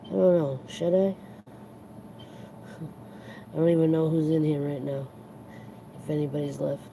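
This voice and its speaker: A tired livestream host chatting casually to viewers, earnest and reflective, rambling and halting with many restarts. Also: mid-range voice, little pitch movement, gravelly, dark tone, slight background noise, poor audio.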